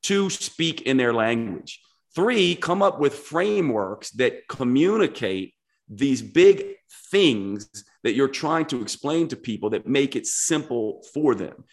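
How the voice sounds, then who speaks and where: Earnest man with lively pitch. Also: slow pace. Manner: earnest, reflective, explains in numbered steps. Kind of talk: casual podcast conversation.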